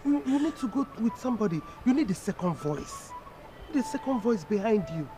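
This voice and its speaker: An actress playing a concerned mother figure who comforts a crying young woman, speaking with a Nigerian accent in a pleading, animated way. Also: fairly high pitch, a little fast. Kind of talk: Nollywood film acting.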